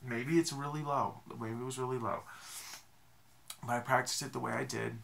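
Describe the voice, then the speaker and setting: A young man vlogging, telling a rambling, self-deprecating story in a casual, animated way. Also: medium pitch, moderate pace, gravelly.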